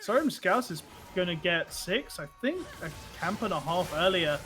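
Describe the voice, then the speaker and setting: A man giving quick play-by-play commentary on a live esports match, with dry asides. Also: high voice, sing-song, a bit bright, soft background music.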